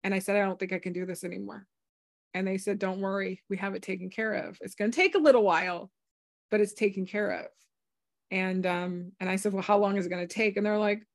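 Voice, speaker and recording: Woman telling an animated story, dry sound. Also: mid-range voice, fast, no room sound. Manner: animated, acts out quoted voices. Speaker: guest, healer and former psychic. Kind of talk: storytelling in conversation.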